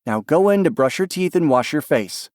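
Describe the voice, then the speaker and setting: A man's voice: fairly high pitch, expressive, normal speed, darkish tone, no room sound, studio quality, pitched above the performer's own voice, lightly acted. A man voicing a young aunt who is a firm, patient guardian, in an audiobook.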